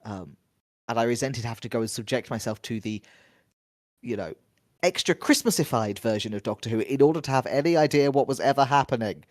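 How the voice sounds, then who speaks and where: A man's voice: medium pitch, lively intonation, brisk, dry recording. A man co-hosting a podcast, making wry, dry remarks in a casual review chat. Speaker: podcast co-host.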